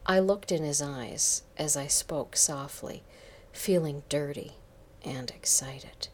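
A woman tells a first-person story in a soft, intimate voice. Her voice sits low, and she takes her time. At moments she sinks almost to a whisper. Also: unhurried, breathy edge. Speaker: story narrator. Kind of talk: scripted first-person narration.

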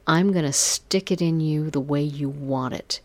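A man's voice: fairly high pitch, a little slow, dry recording. A woman reading the lines of a vicious husband who hisses through clenched teeth. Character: vicious husband in a role-play, grown man.

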